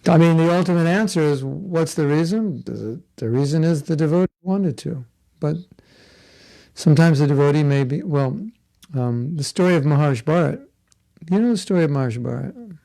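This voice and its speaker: A man's voice: a little high, expressive, normal speed, creaky, dark tone. A man giving a conversational devotional class, telling a story with asides and jokes. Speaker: spiritual teacher. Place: Florida.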